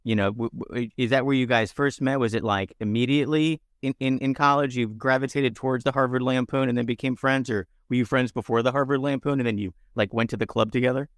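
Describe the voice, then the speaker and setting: A male podcast host asks long, eager questions that trail and restart as he goes. His voice is smooth and clear at an ordinary pitch. The sound is close-miked and dry. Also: fairly even intonation, quick pace, hardly any pauses, no echo. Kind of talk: interview chat.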